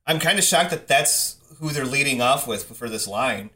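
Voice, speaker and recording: Bright-voiced wry man hosting. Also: medium pitch, lively intonation, normal speed. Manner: self-deprecating, wry. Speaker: podcast host. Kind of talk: casual chat.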